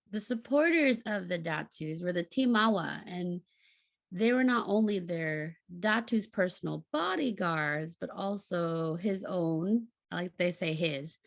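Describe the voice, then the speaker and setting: Gravelly-voiced woman podcast co-host. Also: fairly low pitch, no echo. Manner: chatty, laughs, trips over long words. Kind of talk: casual book club chat.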